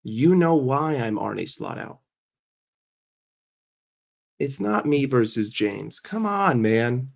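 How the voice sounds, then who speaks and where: A man's voice: mid-range voice, lively intonation, slow pace, creaky, long pauses, darkish tone. A man hosting a casual livestream while sick and congested, chatting with viewers, greeting them by name and often repeating himself. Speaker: livestream host.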